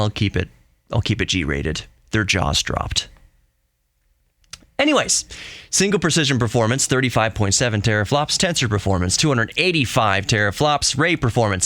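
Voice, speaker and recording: Podcast host, young man, fairly low voice, dry close mic, casual spec run-through with excited asides. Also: no echo. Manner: earnest, reassuring sign-off.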